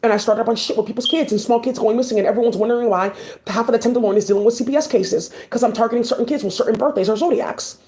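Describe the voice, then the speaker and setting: Fast-talking agitated woman ranting. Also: fairly high pitch, mellow, slight background noise. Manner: agitated, profane, rambling. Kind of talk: rambling monologue vlog.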